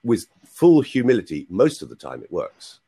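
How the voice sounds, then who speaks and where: Husky-voiced man with a cold. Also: fairly low pitch, huge pitch swings, normal speed, mellow. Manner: explains patiently with frequent "right?" checks. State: has a cold, coughing. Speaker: voice coach. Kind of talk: coaching on a video call. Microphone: video call.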